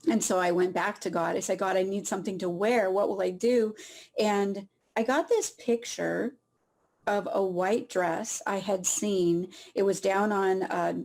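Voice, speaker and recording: A woman sharing a personal story in an emotional, heartfelt way, pausing often and laughing softly through tears. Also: medium pitch, steady tone. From Southern California.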